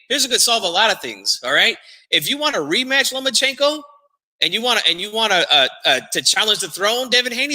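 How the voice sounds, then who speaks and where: A man hosting a boxing podcast, loud and theatrical, who talks about himself in the third person. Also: high-pitched, long reverb tail. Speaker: podcast host. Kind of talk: hyped-up boxing talk.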